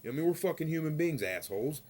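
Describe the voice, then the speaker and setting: A man's voice: on the high side, big pitch swings, racing, a little mellow. A man ranting in a vlog, telling a story in a rambling, profane and heated way, often asking "you know what I mean". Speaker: vlogger.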